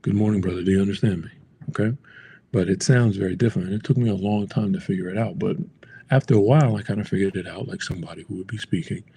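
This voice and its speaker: A man's voice: on the low side, quick pace, gravelly, mellow, husky. A man from the United States talking casually, teaching travel Spanish phrases and rambling with lots of fillers. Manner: rambling, lots of "like" and "you know". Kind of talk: casual talk to camera.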